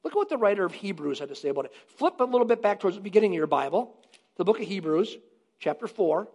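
A man with a strikingly high voice preaching to his congregation. He is emphatic and drives points home by repeating short phrases. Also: very animated, fast, darkish tone. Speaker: pastor. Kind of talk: sermon.

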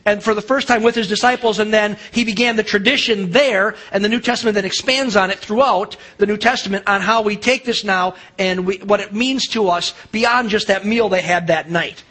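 A man's voice: sits high, fairly quick, hardly any pauses, pushed and bright. A man preaching a sermon as pastor, telling a story in a chatty way with fillers and restarts.

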